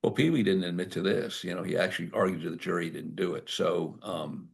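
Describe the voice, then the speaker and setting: A man's voice: low-pitched, fast talker, vocal fry. An older man, an author and former prosecutor, telling anecdotes at a book talk and acting out the dialogue.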